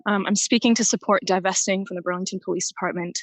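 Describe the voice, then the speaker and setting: A woman's voice: medium pitch, fairly even intonation, fast talker, no echo, poor audio. A woman giving an earnest, prepared public comment at a council meeting over a remote call-in line, a little out of breath.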